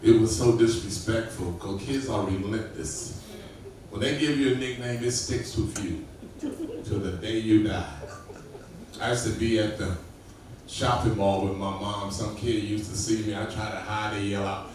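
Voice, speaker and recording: A man doing a crude stand-up comedy set, telling stories and using loud high-pitched voices for the people he quotes. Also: fairly even intonation, moderate pace, a little hiss or hum. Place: club stage before an audience. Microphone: far camera. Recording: echoey room from far off, loud ambience.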